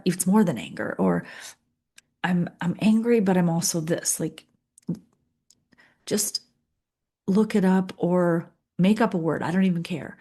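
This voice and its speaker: Low-voiced middle-aged lady coaching thru steps, calm and earnest, lots of little pauses. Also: husky. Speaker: leadership coach. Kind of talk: guided coaching session.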